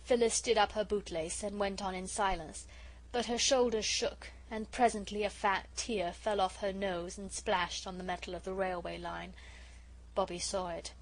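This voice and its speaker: Woman reading an old kids' novel out loud, calm storyteller voice. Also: mid-range voice, moderate pace, poor audio. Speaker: audiobook narrator. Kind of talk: scripted narration.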